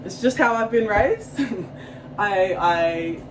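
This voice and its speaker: Animated New Zealand woman telling a story. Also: mid-range voice, slow pace, background noise. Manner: animated and profane, acting out quotes. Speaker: vlogger. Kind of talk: casual storytelling to camera.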